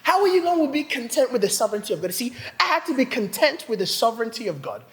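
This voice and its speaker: A man's voice: very high-pitched, fast, big-room sound. A man preaching a sermon, telling a personal story with humor and acting out the voices of others. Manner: animated, acts out quoted voices, laughs often. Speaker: pastor. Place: church hall.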